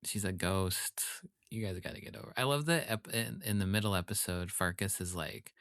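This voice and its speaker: A man with a fairly low voice chats casually as a podcast co-host. He is wry, laughs easily, and mimics characters when quoting them. The recording is dry and close. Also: lively intonation, normal speed, fairly bright tone, clean tone, no echo. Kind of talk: casual chat.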